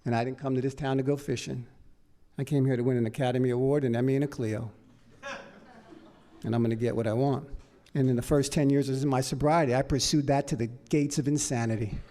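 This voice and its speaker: A man from Los Angeles telling his life story at a recovery meeting, animated and profane. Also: medium pitch, a little fast. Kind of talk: personal story talk.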